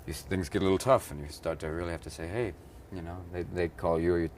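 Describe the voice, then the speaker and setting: A man's voice: low-pitched, fairly even intonation, fast talker, darkish tone, slight background noise. An American man in his thirties, talking in a rambling, playful way in an interview, often slipping into comic voices. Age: 30s. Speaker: interviewed actor. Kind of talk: playful press junket interview.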